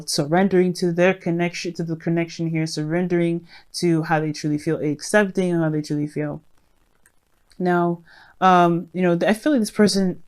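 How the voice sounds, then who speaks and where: Low-voiced woman, rambling tarot reader. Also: darkish tone. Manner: rambling, many fillers and restarts; addresses viewers directly, friendly. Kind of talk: casual tarot reading monologue.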